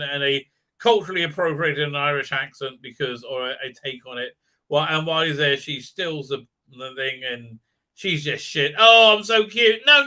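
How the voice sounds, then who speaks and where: A man's voice: a little high, pushed and bright. A man ranting sarcastically in a show review, swearing often and full of fillers and restarts. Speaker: commentator.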